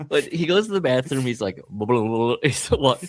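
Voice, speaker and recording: A man's voice: medium pitch, no room sound. A man hosting a podcast, chatting casually about a film and acting out the characters' lines as he retells it. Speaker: podcast host.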